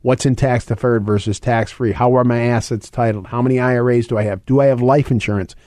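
Fast-talking middle-aged financial radio host. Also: male voice, mid-range voice, fairly even intonation, a little mellow, no echo, clean studio sound. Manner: fast, conversational, repeats points and phone numbers. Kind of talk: radio talk segment.

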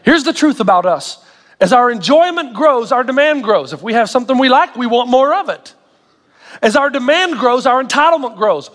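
A middle-aged male pastor delivering a sermon with animated storytelling and self-mocking humor. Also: very high-pitched, normal speed, long reverb tail.

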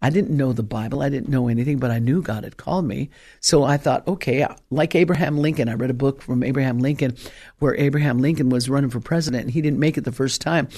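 An older woman evangelist preaching with force. She fires off rhetorical questions and lands her points with emphasis, her voice climbing to loud peaks. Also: extremely low pitch, quick pace. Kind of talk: sermon.

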